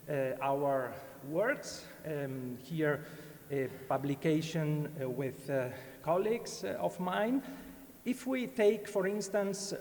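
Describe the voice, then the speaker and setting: Halting man lecturing in a reverberant hall. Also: fairly high pitch, darkish tone. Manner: halting, many fillers and restarts. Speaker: conference speaker. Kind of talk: academic conference talk. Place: university conference hall.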